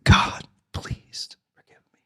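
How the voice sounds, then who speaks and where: A man voicing his gruff, tough dying old father in a hushed, gritted-teeth whisper. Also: slow pace. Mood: gritting teeth.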